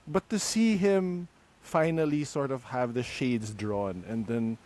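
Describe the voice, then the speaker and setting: A man's voice: mid-range voice, a little slow, darkish tone. A man with a Filipino accent, co-hosting a podcast, talking animatedly and mixing English with Tagalog. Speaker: podcast co-host. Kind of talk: casual chat.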